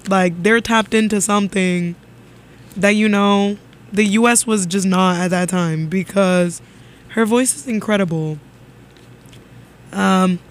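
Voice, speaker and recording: High-voiced young male radio DJ. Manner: relaxed, rambling with fillers like "um" and "like". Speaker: radio DJ host. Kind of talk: casual radio show chat. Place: radio studio.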